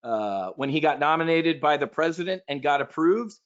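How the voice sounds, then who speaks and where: A man's voice: on the high side, lively intonation, normal speed. Emphatic salesy man, dull lo-fi sound. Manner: emphatic, salesy, addresses audience directly. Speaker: investment presenter. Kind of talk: live online investing webinar talk.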